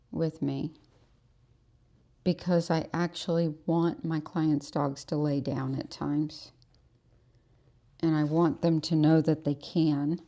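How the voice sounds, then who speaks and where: A woman with a fairly low, mellow voice, taking her time as she explains her grooming technique. She keeps breaking off to murmur praise and coax the dog on her table in the grooming salon. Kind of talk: instructional grooming demo.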